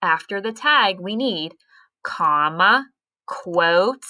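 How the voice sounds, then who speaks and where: A woman's voice: mid-range voice, expressive, drawn-out words, bright, forceful tone. A woman teacher giving a recorded grammar lesson, carefully spelling out punctuation step by step.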